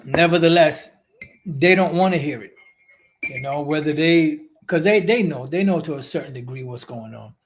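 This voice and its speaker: A man with a somewhat high voice preaches scripture on a livestream. He rambles and circles back, leaning on "you know" fillers and the odd profane aside. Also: normal speed, a little hiss or hum. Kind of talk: livestream religious teaching.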